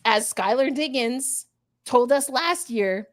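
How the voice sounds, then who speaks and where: A fairly high-voiced woman from New York City co-hosts a live sports podcast over a remote streaming setup. She talks in a chatty, animated way, drifting into nerdy asides and correcting herself quickly as she goes. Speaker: podcast co-host.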